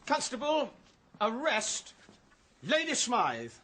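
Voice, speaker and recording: A pompous film detective who declaims every word as he grills the suspects in a comic murder mystery. The voice sits high and swoops widely, full of grand flourishes. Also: wildly swooping pitch, takes it slowly, bright, forceful tone, exaggerated voice. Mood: triumphant. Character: pompous theatrical male detective questioning suspects.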